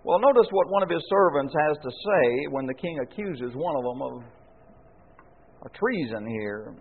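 Folksy male preacher, husky, rhetorical questions; echoey hall recording. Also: on the high side, lively intonation, normal speed. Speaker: pastor. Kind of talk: sermon. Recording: echoey hall, phone-like lo-fi sound.

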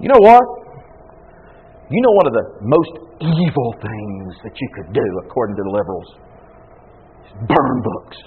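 A man's voice: medium pitch, expressive, moderate pace, pauses often, slightly rough, phone-quality sound. A man preaching a conversational sermon as pastor, often acting out hesitant prayers. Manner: conversational preaching, with frequent repetitions and acted-out prayers.

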